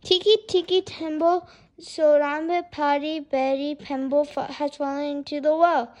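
A desperate small boy , put on by a woman reading a storybook, shouts out his pleas breathlessly. His voice sits very high and loud and keeps its urgent, pleading push. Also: brisk. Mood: frantic.

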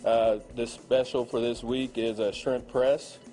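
Man, chef, cooking demo, restaurant kitchen, relaxed, filler words, mid pitch. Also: unhurried, soft background music. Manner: relaxed explaining, many "uh" fillers. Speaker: consulting chef.

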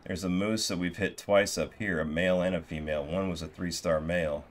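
Deep-voiced easygoing gaming streamer man. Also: fairly even intonation, brisk, a little hiss or hum. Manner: easygoing, thanking viewers as they go. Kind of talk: live gameplay commentary. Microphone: gaming headset. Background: game music and hoofbeats.

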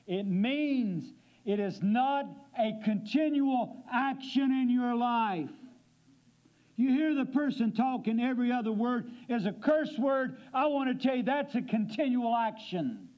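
A man with a high voice preaches a sermon in a church, emphatic and full of questions to the congregation. The recording is dull and lo-fi, as in a church recording. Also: measured pace. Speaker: guest preacher. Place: church sanctuary.

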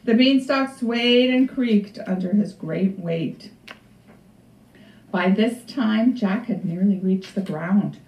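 A woman librarian reading a storybook aloud to children in an expressive, unhurried way. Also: mid-range voice. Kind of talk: storybook read-aloud for kids. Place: library room. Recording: echoey room, far from mic, dull.

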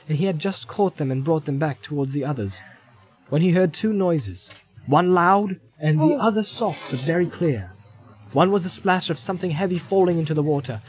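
A man giving dramatic fantasy audiobook narration in a measured, vivid storytelling manner. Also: a little high, darkish tone, rough recording. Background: music score.

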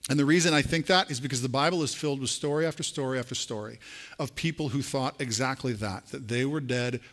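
A man preaching a sermon in church, speaking earnestly and directly to his congregation. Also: fairly bright tone. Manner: rising to an emphatic pitch near the end. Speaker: pastor.

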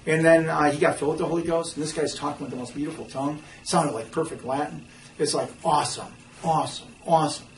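A man teaching a church Bible class in an animated way, acting out quotes and often restarting his sentences. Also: on the high side, fast. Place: church meeting room. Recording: echoey room, distant mic, faint noise.

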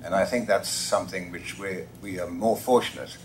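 A man's voice: low voice, fairly even intonation, moderate pace, a little hiss or hum. An English man on a convention panel, telling anecdotes in a reflective, wry, self-deprecating way.

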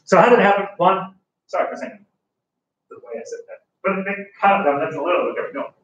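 High-voiced chatty teacher in an echoey room. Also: male voice, animated, quick pace, a bit bright, recorded from a distance, dull audio, slight background noise. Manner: chatty and enthusiastic, joking, many fillers. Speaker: history teacher. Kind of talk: casual classroom lecture.

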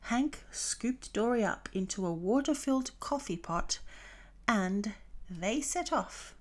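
A woman reading a children's storybook aloud, clear and expressive. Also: on the high side, slow pace.

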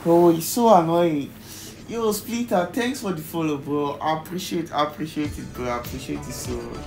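A man's voice: a little high, a little fast, creaky, over music. A male game streamer talking to his chat while playing, frustrated and swearing. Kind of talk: live-stream commentary.

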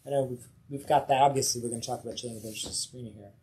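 A woman co-hosting a comics livestream from a comic book shop, talking in a relaxed, conversational way. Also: rumbling low, very fast. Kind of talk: casual chat.

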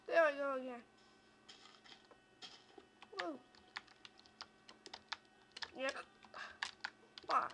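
A woman giving casual gameplay commentary while she keeps hiccuping, talking in halting, self-interrupting bursts. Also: high-pitched, bright, forceful tone, slight background noise.

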